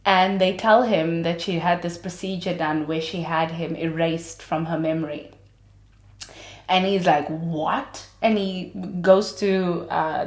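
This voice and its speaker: A low-pitched woman in her late twenties talks through a casual podcast monologue. She is a chatty, dramatic storyteller who laughs easily. Her voice rings around a roomy, echoey space. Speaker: podcast host.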